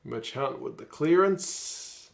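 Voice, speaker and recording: A man's voice: medium pitch, lively intonation, slow pace, creaky. Chatty New man. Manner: chatty, wry, reads out viewer comments. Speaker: rugby watchalong streamer. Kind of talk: casual live-stream chat.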